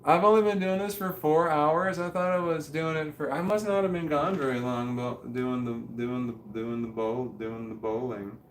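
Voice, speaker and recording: A man's voice: fairly high pitch, moderate pace, hardly any pauses, reverberant, slight background noise. A man livestreaming and answering chat in a rambling, casual monologue, swearing constantly and often losing his train of thought.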